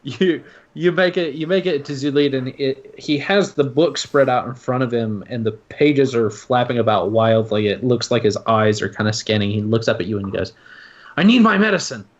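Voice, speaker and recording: A man narrating as game master for a tabletop game, pausing often with filler sounds. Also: medium pitch, steady tone. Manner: halting, many filler sounds. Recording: dull lo-fi recording.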